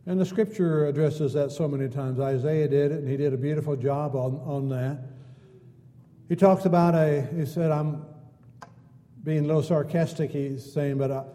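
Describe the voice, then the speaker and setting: Male preacher, very warm dark tone, repetitive stacked phrasing, recorded with long church reverb. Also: fairly high pitch, fairly even intonation, normal speed. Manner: repetitive, building phrases with folksy asides. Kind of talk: sermon. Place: church sanctuary.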